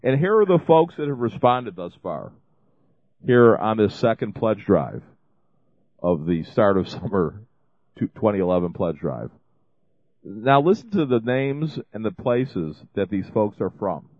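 A man's voice: on the low side, animated, unhurried, no echo. A man hosting a ministry show, making a rambling fundraising appeal full of restarts and fillers. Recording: dry, phone-like lo-fi sound.

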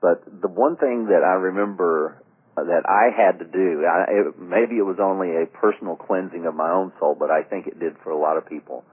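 A man's voice: sits low, fairly quick, husky. A man co-hosting a radio talk show, a former pastor telling stories in a rambling way with many fillers. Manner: rambling storyteller, trails off with fillers. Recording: narrow phone-like radio sound.

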